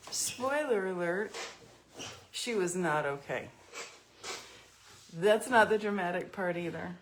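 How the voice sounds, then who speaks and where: A woman's voice: medium pitch, slow, long pauses, slight background noise. A middle-aged woman chatting at home in a casual storytelling vlog while doing her makeup, self-mocking and talkative.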